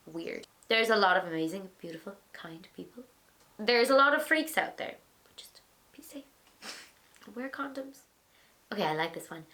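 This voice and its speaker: A woman's voice: medium pitch, sharp tone. A young woman hosting a casual chat about dating, talking chattily, laughing often and reading out listener questions. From Ireland. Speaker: host.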